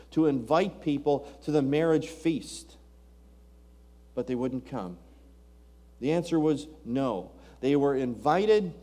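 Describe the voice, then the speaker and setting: A man with a mellow, slightly high voice preaches, reading King James scripture aloud and posing rhetorical questions with rising emphasis.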